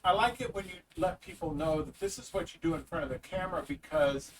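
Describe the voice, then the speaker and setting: A woman co-host who chimes in with teasing asides and casual chat. Her voice is on the lower side and sounds a few steps from the mic, with a light hiss of noise. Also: quick pace. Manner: teasing, joking interjections. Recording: distant from mic with faint noise.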